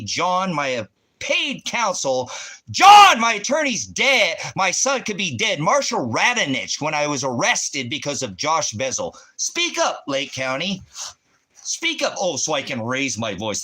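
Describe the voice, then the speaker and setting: A man's voice: a little high, big pitch swings, normal speed, few pauses, bright, forceful tone. A middle-aged man ranting on a livestream, confronting chat viewers by name in a preachy, combative way. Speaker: livestreaming ministry host.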